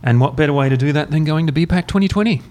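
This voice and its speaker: A man hosting a podcast, chatting in a relaxed, rambling, self-mocking way while drinking beer. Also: fairly high pitch, very fast. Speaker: podcast host. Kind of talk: casual chat. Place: university room, drinking beer.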